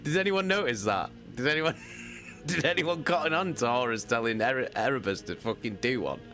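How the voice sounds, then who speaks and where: A man's voice: medium pitch, normal speed, faint music behind. A man hosting a casual livestream, reacting with a lot of swearing and frequent laughter. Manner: animated, sweary, laughs often. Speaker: livestream host reacting to an audiobook.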